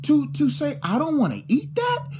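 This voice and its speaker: A young man co-hosting a podcast in casual chat, animated and slangy, often acting out other people's voices. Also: very high voice, moderate pace. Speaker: podcast co-host.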